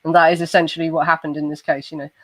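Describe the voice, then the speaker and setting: An English woman co-hosting a casual true crime chat, animated and laughing easily. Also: deep voice, rapid-fire, dry recording. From England. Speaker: co-host.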